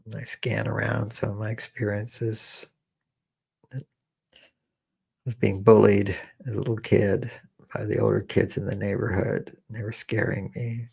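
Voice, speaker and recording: A man with a low, gravelly, husky voice leads a guided meditation. He talks slowly and repeats himself, gently coaxing listeners toward their feelings and weaving in memories of his own. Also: little pitch movement. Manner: slow, repetitive, gently coaxing with personal memories. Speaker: meditation teacher.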